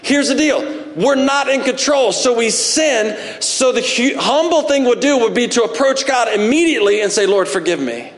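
A man's voice: very high voice, moderate pace, hardly any pauses, long reverb tail, poor audio. A man preaching a sermon to a congregation in a church, speaking conversationally and acting out little everyday scenes. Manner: conversational preaching with acted-out asides. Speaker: pastor.

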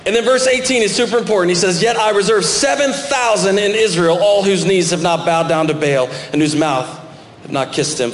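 A male pastor delivers a sermon from the front of a church, reading scripture and then pressing his points with sudden emphatic lifts. His voice sits slightly high for a man. The sanctuary rings with a long, roomy reverb over a faint hum of ambience. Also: brisk. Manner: preaching with rising emphatic bursts, reading scripture aloud.

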